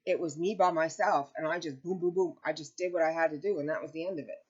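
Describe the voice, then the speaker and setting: A woman chatting to her viewers from home in a lowish voice, rambling and heartfelt. She sounds close to tears at times. The home-video audio is dull and lo-fi. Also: steady tone, fast, slightly rough. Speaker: crochet vlogger. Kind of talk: casual chat to camera. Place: home, with pets nearby.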